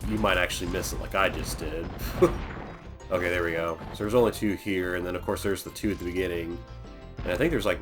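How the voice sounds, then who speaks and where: A young man from Florida casually commentating a video game, rambling and joking on tangents. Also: low-pitched. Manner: rambling, jokey, going off on tangents. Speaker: let's play host. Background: game music.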